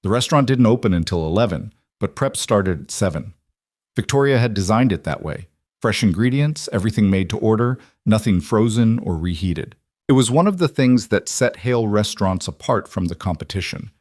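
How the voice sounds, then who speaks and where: A man narrating a scripted drama in a steady, measured way. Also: on the low side, no room sound, studio quality.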